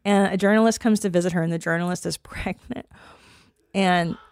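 A woman's voice: lowish voice, steady tone, brisk, darkish tone, no room sound. A woman in her forties hosting a podcast, rambling and swearing freely, with sighs and restarts, a little stuffy from cold medicine. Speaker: podcast host. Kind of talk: casual chat.

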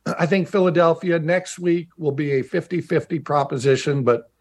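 Fairly high-pitched with a darkish tone, this middle-aged man speaks at a moderate pace. A former pro football player now working as a broadcaster, he tells anecdotes in a video-call interview, restarting chattily and repeating for emphasis.

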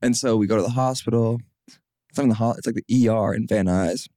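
A young man in his twenties chatting casually as a podcast guest, rambling with lots of "like" and getting animated when he quotes people. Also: fairly low pitch, fairly quick, no room sound, studio quality. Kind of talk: casual chat.

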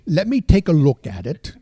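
A man's voice: fairly high pitch, huge pitch swings, measured pace, mellow, slightly rough, full character voice. A man voicing a male comedian with a put-on Indian accent, delivering a dry, darkly joking line. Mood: deadpan joking.

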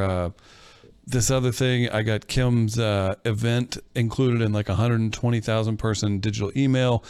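A man on a casual podcast with a smooth, clear, mid-pitched voice. He explains things in quick runs that wander a little, full of restarts. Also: darkish tone, no room sound.

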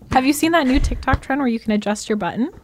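A woman's voice: high-pitched, fast, background noise. A woman co-hosting a casual chat, explaining and telling stories animatedly. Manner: animated storyteller, explaining things.

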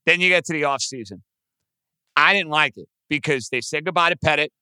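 Male co-host, slightly high pitch, smooth tone, steady storytelling delivery. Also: fairly quick, no room sound. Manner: storytelling, steady, sets up points for his co-host. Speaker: podcast co-host. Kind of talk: casual sports chat.

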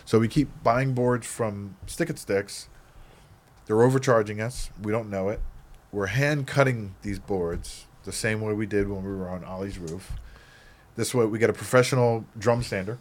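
A man, a guest on a podcast, telling animated stories about his past in a casual way, often adding "right?". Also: lowish voice, normal speed. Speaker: podcast guest, skateboard company founder. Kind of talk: casual storytelling.

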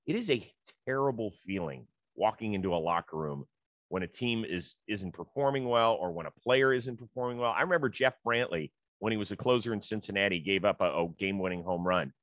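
Middle-aged sports talk host, dry studio sound. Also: male voice, on the low side, animated, a little fast, fairly bright tone, no room sound. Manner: conversational, stat-citing, storytelling.

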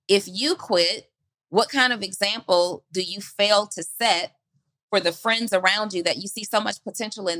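Preaching woman with a bright voice. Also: medium pitch, no echo, poor audio. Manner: preaching, builds on repeated rhetorical questions. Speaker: podcast host. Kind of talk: motivational podcast talk.

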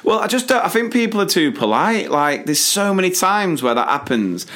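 A British man co-hosting a casual podcast about school life, chatting in a relaxed way with hesitant restarts. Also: high-pitched, moderate pace. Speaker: podcast co-host, teacher. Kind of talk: casual chat.

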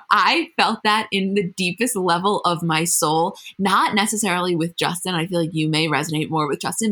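A woman's voice: on the low side, fairly bright tone, slightly rough. A young woman co-hosting a podcast, talking in an earnest, emphatic way. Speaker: podcast co-host. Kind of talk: casual chat.

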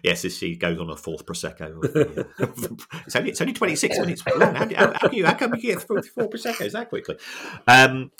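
A middle-aged man co-hosting a podcast, talking in an earnest, reflective and halting way. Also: a little high, very animated, crowd noise. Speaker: podcast co-host. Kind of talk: casual podcast chat.

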